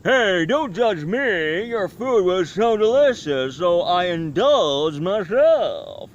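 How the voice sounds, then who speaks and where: A man voicing a big, jolly male monster who scares kids, in a loud, drawn-out, booming delivery. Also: big pitch swings, lo-fi sound, slight background noise, full character voice. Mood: sheepish.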